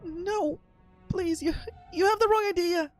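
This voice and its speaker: A woman's voice: extremely high pitch, measured pace, faint music behind. A woman voicing a frightened young girl accused of witchcraft, pleading desperately as she reads a story game aloud. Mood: panicked.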